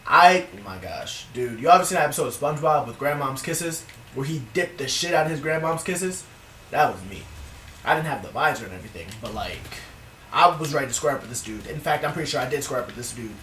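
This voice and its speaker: A young man telling a casual, profane story in an animated storytime vlog, recorded indoors. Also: fairly high pitch, fairly quick, a little hiss or hum. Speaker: vlogger. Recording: roomy, distant from the mic.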